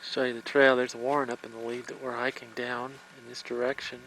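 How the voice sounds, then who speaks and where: A man's voice: medium pitch, level tone, a little fast. A man filming a hike, narrating casually and admiringly while out of breath. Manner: chatty, admiring. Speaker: hiker filming the trip. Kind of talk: casual narration to a home video camera. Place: outdoors on a high mountain trail. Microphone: built-in camcorder mic. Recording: home camcorder tape with loud wind noise.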